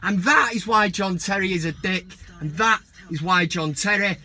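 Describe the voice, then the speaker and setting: A man's voice: high-pitched, moderate pace, hardly any pauses, bright, forceful tone. A man hosting a football vlog, ranting heatedly and mockingly with plenty of swearing.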